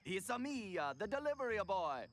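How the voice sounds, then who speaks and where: Sly Cooper, a cocky raccoon thief's hammy Italian put-on. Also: male voice, high voice, big pitch swings, fairly quick, fairly bright tone. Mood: bluffing. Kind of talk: game cutscene dialogue.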